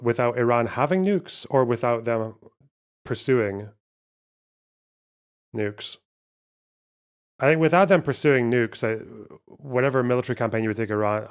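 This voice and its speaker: A man hosting a live stream, answering questions and commenting bluntly with frequent swearing and filler words. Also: lowish voice. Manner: blunt, swears often, thinks aloud with fillers. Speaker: streamer host.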